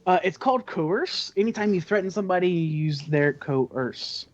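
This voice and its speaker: A game master running a tabletop game, explaining rules and narrating in a relaxed way with many fillers. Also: medium pitch, moderate pace. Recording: dull lo-fi recording.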